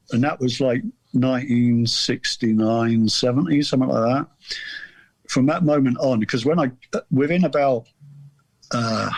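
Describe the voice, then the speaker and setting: Husky older guy rambling thru a funny story, dry close mic, podcast guest vibe. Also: medium pitch, no room sound. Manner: rambling, amused anecdote telling. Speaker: guest author. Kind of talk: casual storytelling chat.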